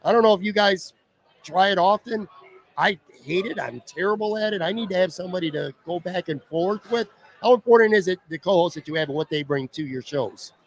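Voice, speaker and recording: A man hosting a podcast recorded live in a pizza bar, his voice sitting a touch higher than most men's. He talks earnestly and at length, winding through his questions. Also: brisk. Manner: earnest, asks long rambling questions. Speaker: podcast host.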